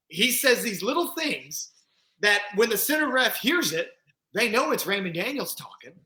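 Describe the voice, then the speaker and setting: A man hosting a podcast speaks emphatically in casual chat, often tossing in a rhetorical "right?". His voice is high and bright. The sound is roomy and echoey. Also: big pitch swings, normal speed. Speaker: podcast host. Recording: echoey room.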